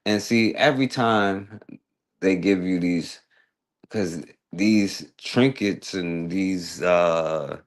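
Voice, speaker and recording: Blunt, sarcastic man with a low voice. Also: slow pace. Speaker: talk radio host. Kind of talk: blunt social commentary.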